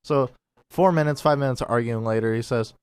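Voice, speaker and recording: A man's voice: mid-range voice, a little fast, a little mellow, clean tone, no echo. A young man hosting a radio show, telling a story in casual chat and acting out other people's voices. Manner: laid-back storyteller who acts out other voices. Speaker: radio host.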